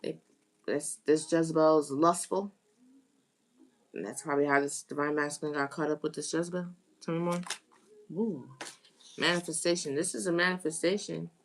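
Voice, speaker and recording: A woman with a somewhat low voice gives a live tarot reading. She talks in an animated way and repeats phrases for emphasis. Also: moderate pace, pauses often. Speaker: tarot reader.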